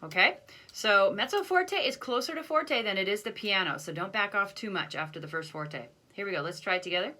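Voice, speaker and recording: A woman's voice: mid-range voice, expressive, fairly quick. A woman band teacher recording a video lesson, counting off beats and explaining patiently with self-deprecating asides.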